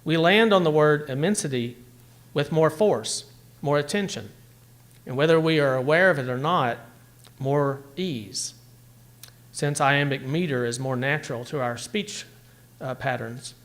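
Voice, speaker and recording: A man giving a measured, deliberate talk that analyzes poems and reads them aloud at a poetry event. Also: fairly high pitch, a bit bright.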